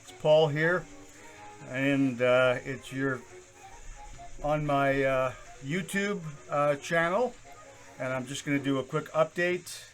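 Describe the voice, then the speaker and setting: A middle-aged man hosting his own video channel, talking in a casual, rambling way with plenty of "uh" fillers and a loud, projecting voice. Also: medium pitch, slow pace. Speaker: YouTube channel host. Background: accordion folk music playing faintly.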